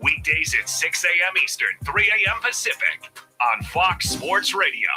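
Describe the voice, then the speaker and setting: Man, promo announcer, slightly high voice, loud music bed. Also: lively intonation, moderate pace. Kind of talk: scripted radio promo.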